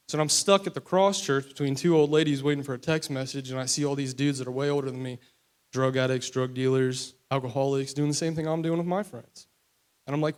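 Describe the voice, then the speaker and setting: A slightly mellow, medium-pitched male voice keeps a steady tone and moves a little fast. The speaker is a young West Virginian giving a candid, filler-heavy, rambling account of his recovery.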